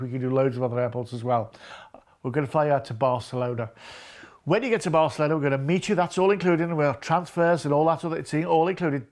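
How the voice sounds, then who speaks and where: A man presenting cruise deals on a TV shopping channel, chatty and enthusiastic with folksy asides. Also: medium pitch. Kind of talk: TV shopping sales pitch.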